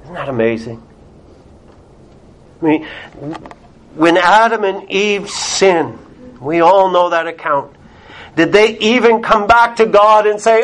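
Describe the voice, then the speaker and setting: A man's voice: high-pitched, lively intonation, slow pace, pauses often, fairly bright tone, low-quality recording. A man preaching a sermon, earnest, with rising and falling emphasis and repeated words.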